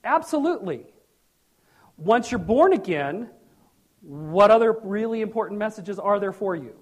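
This middle-aged pastor keeps a moderate pace and a high-set voice through his sermon. He's lively and joking, with abrupt loud bursts.

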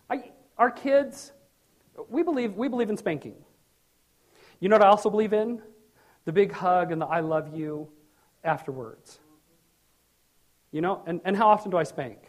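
A middle-aged man preaching a sermon as pastor, animated and joking, with sudden loud bursts. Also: sits high, normal speed, long pauses.

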